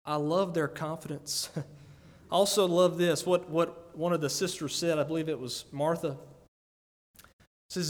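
Guy preaching a sermon, pretty high voice, earnest and chatty, echoey church. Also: moderate pace. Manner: earnest, conversational preaching with frequent "right?" asides. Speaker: pastor. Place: church sanctuary. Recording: long church reverb.

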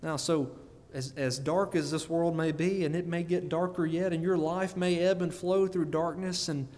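A man's voice: a little high, fairly even intonation, moderate pace, darkish tone, long reverb tail. A man preaching a sermon in an earnest way, often repeating words and putting questions to his listeners.

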